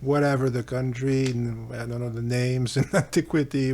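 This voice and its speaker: A man's voice: mid-range voice, steady tone, normal speed, creaky, few pauses, a little mellow. A man hosting a philosophy channel, retelling an ancient legend in a rambling, casual way with fillers and chuckles. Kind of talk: casual storytelling lecture.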